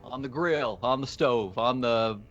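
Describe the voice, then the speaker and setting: A man's voice: medium pitch, measured pace, fairly bright tone, muffled recording, faint music behind. A man co-hosting a casual live stream, playful and teasing as he reads the chat aloud. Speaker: co-host.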